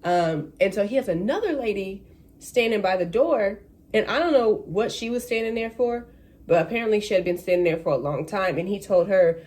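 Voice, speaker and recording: A woman's voice: mid-range voice, brisk. A woman, a flight attendant, telling a story in a casual ranting vlog and acting out the people in it. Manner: animated, acts out voices of people in the story. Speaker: vlogger.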